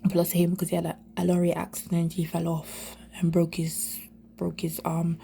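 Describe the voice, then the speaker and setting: A young woman telling her own story of domestic abuse in halting, repetitive speech that often slips into a whisper. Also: fairly low pitch, completely flat delivery, vocal fry, warm tone, slight background noise. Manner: halting, repeats herself, many fillers; often drops to an unvoiced whisper. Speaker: survivor sharing her story. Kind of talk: emotional personal testimony.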